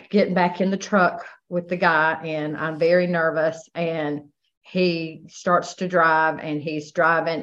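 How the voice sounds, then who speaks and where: A woman with a fairly low voice recounts her personal testimony, stopping and restarting often. The recording sounds dull and lo-fi. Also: fairly bright tone. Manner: halting, many restarts and "you know". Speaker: guest sharing her testimony.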